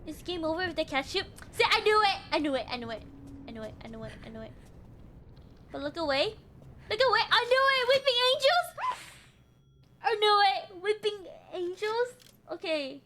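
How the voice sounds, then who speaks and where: Young woman game streamer, very high voice, lively, jumpy and swears a lot. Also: normal speed, pauses often, slight background noise. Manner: jumpy, shrieks and giggles when scared; swears freely. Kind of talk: live gameplay commentary.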